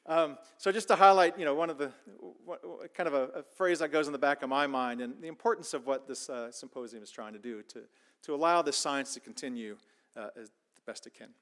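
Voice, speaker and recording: A man's voice: medium pitch, fairly quick, fairly bright tone. A man giving a technical conference talk in a casual, loose way, full of fillers and restarts. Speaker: conference speaker.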